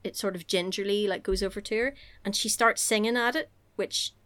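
A woman's voice: mid-range voice, a little fast. A woman, chatting casually and comically on a podcast, swearing freely and acting out characters. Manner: animated, sweary, acts out characters in exaggerated voices. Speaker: podcast co-host recapping a film. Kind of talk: casual comedic chat.

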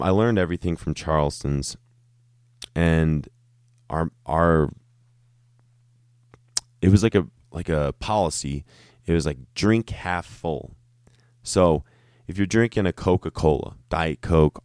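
A man's voice: sits low, darkish tone, clear, resonant tone, no room sound, studio quality. A man telling a casual, profane, rambling story about his years working as a restaurant server. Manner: rambling, self-interrupting, laughing asides.

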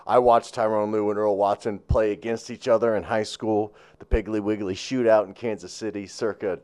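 A man with a fairly low voice co-hosts a casual sports talk show. He rambles and swears freely, piling up fillers and restarts as he goes. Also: little pitch movement, moderate pace, darkish tone, smooth.

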